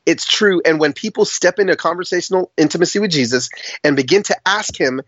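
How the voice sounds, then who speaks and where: A man with a fairly high voice speaks as a podcast guest, telling a story in a lively, energetic way. The sound is dry and close, with the dull edge of a slightly lo-fi recording. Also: fairly quick, husky, dry recording. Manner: animated, lots of fillers and restarts. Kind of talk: animated storytelling in conversation.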